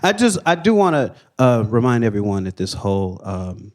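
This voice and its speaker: A man with a mid-pitched voice trades banter as a podcast guest. He keeps his remarks dry and understated, delivered deadpan. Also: normal speed. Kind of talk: casual comedic banter.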